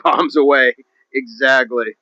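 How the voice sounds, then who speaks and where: A man's voice: mid-range voice, fairly even intonation, slow, bright, forceful tone, dry recording, dull audio. A man hosting a fitness livestream, chatting to his viewers in an upbeat, rambling, jokey way. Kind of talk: casual livestream chat to viewers.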